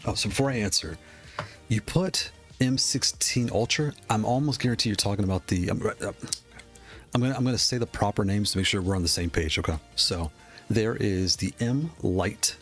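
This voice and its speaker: A man from the Northeast of the United States chatting casually on a live stream, reacting with excitement and thinking aloud as he answers chat questions. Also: on the low side, normal speed, faint music behind. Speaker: streamer reviewing game controllers.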